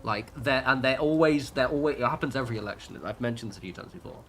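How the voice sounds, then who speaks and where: Bright-voiced British man rambling on stream. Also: medium pitch, fast talker, slight background noise. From United Kingdom. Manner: rambling, sweary, many fillers and restarts. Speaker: livestreamer. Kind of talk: casual gaming livestream chat.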